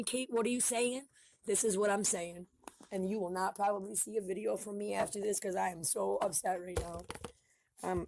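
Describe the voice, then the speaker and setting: A woman's voice: on the high side, no echo. Heated woman in a dry recording. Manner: heated, swearing, fast-talking. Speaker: online commentator. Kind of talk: casual commentary video.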